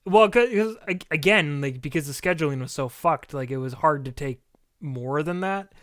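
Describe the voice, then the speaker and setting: A man's voice: fairly high pitch, moderate pace, fairly bright tone, no room sound, studio quality. A young man in casual chat as a podcast co-host, ranting with exasperation and swearing.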